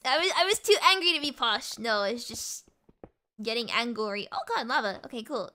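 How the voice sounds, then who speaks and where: A woman streaming a game, talking in a playful, rambling chat with viewers. Her voice sits high and swoops up and down with lots of life, and her tone is bright and crisp. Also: animated, moderate pace. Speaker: VTuber streamer. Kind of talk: casual livestream chat while gaming.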